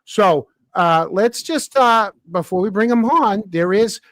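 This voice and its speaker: A man's voice: sits high, expressive, fairly bright tone, dry recording. A man hosting a podcast, interviewing a guest in casual chat and teasing him with jabs. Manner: teasing, quick with jabs and questions. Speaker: podcast host.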